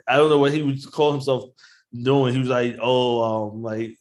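A man's voice: medium pitch, fairly even intonation, a little mellow. Laid-back, profane New man. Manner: laid-back, profane, laughing, drawn-out phrasing. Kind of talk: casual chat.

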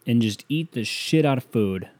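A man's voice: medium pitch, expressive, normal speed, darkish tone. A man delivering a profane, sarcastic comedic rant as a solo monologue.

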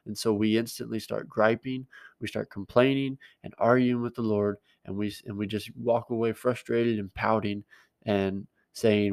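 A man's voice: medium pitch, fairly even intonation, normal speed, a little mellow, no room sound. A male pastor giving a conversational sermon, plain-spoken and emphatic, repeating his key words.

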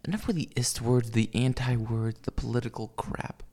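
A man's voice: mid-range voice, normal speed, darkish tone. A man rambling in a casual solo monologue, ranting with lots of swearing, fillers and restarts. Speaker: vlogger.

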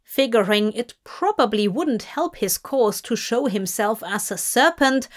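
A woman reads a story aloud at a slow, unhurried pace. Her voice sits fairly high, and her delivery stays even and measured throughout. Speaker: narrator. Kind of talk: scripted storybook narration.

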